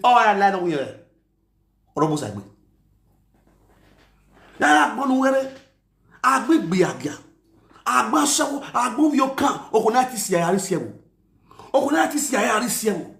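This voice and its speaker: A Nigerian man with an Edo accent hosting an online talk show, ranting with insults, mocking chants and shouts. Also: very high voice, lively intonation, moderate pace, gravelly, echoey room. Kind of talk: ranting commentary.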